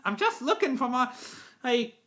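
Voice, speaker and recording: Piskliwą, zdenerwowaną małą lokomotywę, bardzo wysoki, bardzo ruchliwy głos. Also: male voice, very animated, moderate pace, bright, forceful tone, full character voice. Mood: bewildered. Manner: high squeaky whine, indignant. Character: young male tank engine, flustered and fussy.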